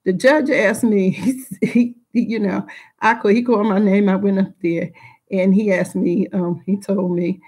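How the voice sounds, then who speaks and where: A woman's voice: mid-range voice, steady tone, unhurried, a little mellow, slightly rough. A middle-aged woman telling a personal story to a group, frank and emotional, rambling with many restarts and asides.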